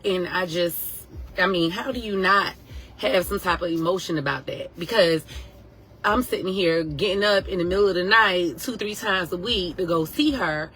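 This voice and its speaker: A woman in her thirties, a nurse, telling a personal story casually to viewers, animated and emotional, acting out what others said. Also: on the low side, normal speed, poor audio. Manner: animated, emotional, acts out quotes.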